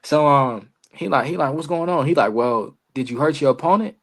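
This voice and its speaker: A man's voice: fairly high pitch, brisk, fairly bright tone. A man, a wrestler guest on a podcast, telling stories casually in slangy talk and acting out both sides of past conversations. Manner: slangy, loose, peppered with "bro" and "you feel me". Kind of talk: casual storytelling interview.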